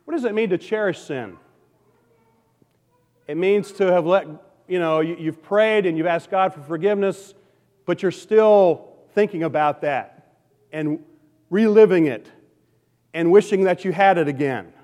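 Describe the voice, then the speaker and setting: A male pastor preaching a sermon, swinging from loud emphatic questions to soft, hushed appeals. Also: sits high, measured pace, long pauses, big-room sound.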